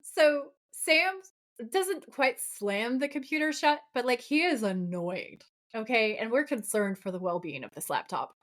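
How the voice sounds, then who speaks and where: Chatty woman co-host, a touch high. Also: measured pace. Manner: animated, giggly, frequent "like" fillers. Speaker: podcast co-host. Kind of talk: casual chat recapping a TV episode.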